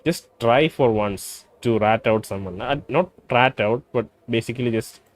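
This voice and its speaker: A man playing a story game and thinking aloud in hesitant commentary, full of pauses and restarts. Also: mid-range voice, no room sound. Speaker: let's play host. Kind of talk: let's play commentary.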